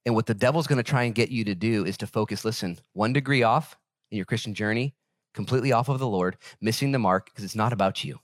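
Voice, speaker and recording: A male pastor preaching a sermon in an animated, conversational way and joking with the congregation. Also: lowish voice, quick pace, no echo, studio quality.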